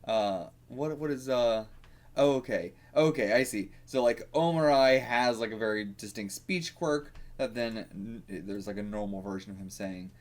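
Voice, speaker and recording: A man's voice: mid-range voice, normal speed. A man reacting to a manga, rambling casually, swearing and laughing as he reads.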